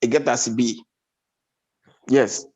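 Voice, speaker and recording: A man from Nigeria with a Nigerian Pidgin accent, telling stand-up comedy stories with animated swings in his delivery. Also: slow pace. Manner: animated storytelling, big pitch swings.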